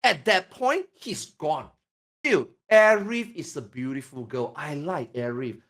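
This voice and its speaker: A man from Singapore in casual podcast chat, telling stories in an animated, profane, emphatic way. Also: a little high, unhurried.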